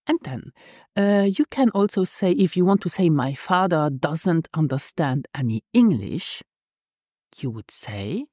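Woman teacher, low voice, slow careful delivery, dry close mic. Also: sing-song, a little mellow, no echo. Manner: slow, careful, repeats phrases for learners. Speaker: language teacher. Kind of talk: podcast language lesson.

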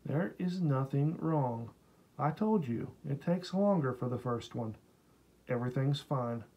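A man voicing a calm, experienced grandmother acting as midwife, soothing and gently teasing. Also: medium pitch, a little slow, breathy edge, highs cut off. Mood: reassuring.

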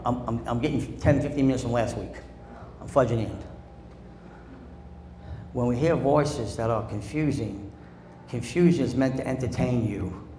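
A man's voice: mid-range voice, darkish tone, roomy sound, a little hiss or hum. A man preaching a sermon as pastor, calling for responses from the congregation and acting out quoted voices. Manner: preachy call-and-response, asking the congregation to answer. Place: church sanctuary.

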